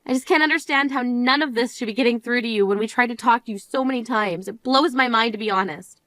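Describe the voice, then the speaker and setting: A woman's voice: a little high, fast talker, a bit bright, no room sound, lightly acted. A woman voicing a grieving older sister who scolds in an exasperated, reproachful way in a dramatized story.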